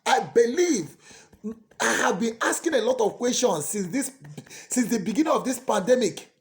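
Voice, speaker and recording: Priest preaching with a lively voice. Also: male voice, very high voice, normal speed. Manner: dramatic swings from soft to loud, pleading. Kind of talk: sermon.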